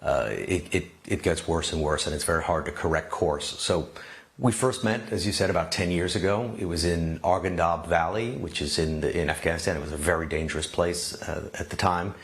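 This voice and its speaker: A man's voice: low voice, a little fast. A man reporting as a foreign correspondent in a live news interview, speaking reflectively with some restarts.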